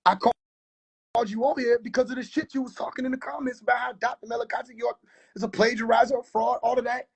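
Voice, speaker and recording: A man's voice: very high voice, fairly even intonation, fast talker, creaky, husky. A man hosting a live stream, boisterous and mocking in a casual rant, laughing often. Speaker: livestream host.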